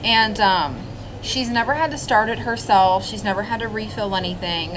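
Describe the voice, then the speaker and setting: A woman's voice: medium pitch, moderate pace. A woman who works at a spa, complaining indignantly about a customer. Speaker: spa worker. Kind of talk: casual storytime to camera. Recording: clear background noise.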